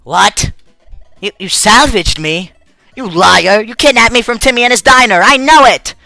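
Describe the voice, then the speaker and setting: A man voicing a bratty, hot-tempered female waitress robot, shouting insults in a shrill voice for a fan dub of a game. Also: normal speed, gravelly, no room sound, faint music behind, exaggerated voice. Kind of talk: fan dub of a game's text.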